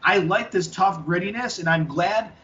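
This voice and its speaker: A man's voice: high-pitched, moderate pace, sharp tone. A man co-hosting a wrestling podcast, chatting casually and rambling with many restarts and fillers. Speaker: podcast co-host. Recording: lo-fi, distant from the mic.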